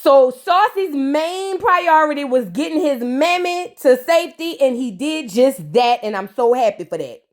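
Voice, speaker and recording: A woman's voice: high-pitched, a little slow, hardly any pauses. A woman hosting a casual comedic recap of a reality show, sassy and full of roasting jokes. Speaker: reality TV reviewer.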